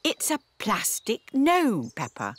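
A woman voicing a cheerful, determined granny pig in a cartoon, brisk and bossy. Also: on the high side, huge pitch swings, slightly rough, no echo, exaggerated voice. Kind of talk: cartoon voice acting.

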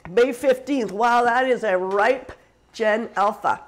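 A woman's voice: on the high side, takes it slowly, low-quality recording. A woman from Canada hosting a live cooking stream in a casual, chatty way, laughing often and answering viewers as she cooks. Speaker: cooking show host.

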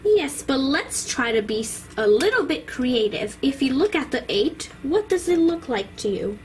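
An upbeat woman art teacher , played by a woman coaxes little kids along with a high, bouncy, animated voice. She praises every idea warmly, like in a doll-play cartoon. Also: moderate pace, faint music behind. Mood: encouraging. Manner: coaxing, praising.

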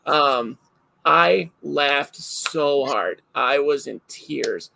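A man hosting a casual chat, telling stories in an animated way and laughing often. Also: a little high, drawn-out words, gravelly, slight background noise, rough recording.

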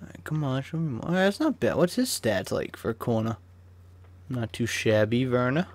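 A man's voice: mid-range voice, very animated, moderate pace. Chatty young man commenting on gameplay. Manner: chatty, swears freely, flares up in sudden rants. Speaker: gaming YouTuber.

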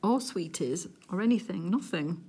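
A middle-aged woman from England chatting casually to viewers while she crafts, giggly and easily excited. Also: on the low side, normal speed, slightly rough. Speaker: crafting vlogger.

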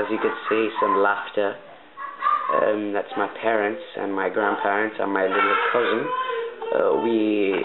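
Young man, put-on british accent, lowish voice, slow halting talk, tinny phone-like mic. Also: heavy background noise. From Canada. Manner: hesitant, rambling, full of ums; panicky yelps when chased in game. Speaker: gaming commentator. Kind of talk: let's-play commentary.

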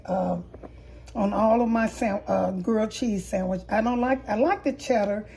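A woman's voice: mid-range voice, dark tone, slight background noise. A woman hosting a home cooking video, chatting casually and rambling as she corrects herself mid-sentence. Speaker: home cooking channel host. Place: home kitchen.

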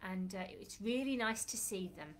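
A woman's voice: mid-range voice, moderate pace, slight background noise, low-quality recording. A woman hosting a Bible club for children, talking in a friendly way and calling out sing-song greetings.

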